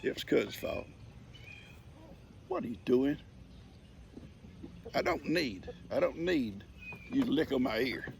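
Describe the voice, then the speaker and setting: A man's voice: medium pitch, expressive, measured pace, gravelly, long pauses, a little hiss or hum. An older man, chuckling as he tells a folksy story on his farm. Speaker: vlogger. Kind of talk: casual storytelling. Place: outdoors on a farm.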